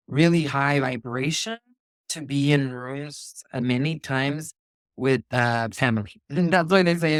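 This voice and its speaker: A man's voice: mid-range voice, a bit bright, no echo. A man hosting a podcast, talking in a reflective, earnest way about forgiveness and spirituality, with frequent restarts. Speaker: podcast host. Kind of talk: casual spiritual conversation.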